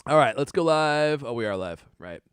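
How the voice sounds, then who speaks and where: Lebhafter, lachender Mann, trocken. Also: male voice, mid-range voice, animated, normal speed, clean tone, no echo, clean studio sound. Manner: chatty, laughs often, reads viewer comments aloud. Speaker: podcast co-host. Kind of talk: casual live-stream chat. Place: home studio on a live camera stream.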